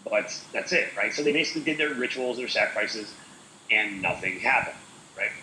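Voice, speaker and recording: A man's voice: on the low side, animated, brisk, bright, forceful tone, roomy sound, a little hiss or hum, rough recording. A man co-hosting a casual talk show, rambling with many fillers. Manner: rambling, full of "like" and "uh". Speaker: co-host. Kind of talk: casual chat.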